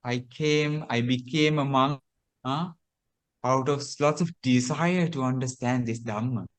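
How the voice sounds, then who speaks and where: A man's voice: mid-range voice, pitched below the performer's own voice, natural voice. A man voicing a despairing old monk. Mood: lamenting. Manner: lamenting, halting. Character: grieving elderly male monk, desperate.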